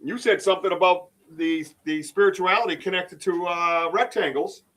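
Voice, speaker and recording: Rambling higher-voiced man, off-mic. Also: normal speed, distant mic, rough recording. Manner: rambling, excitable, many restarts. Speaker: podcast host and Bigfoot researcher. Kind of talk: casual livestream chat.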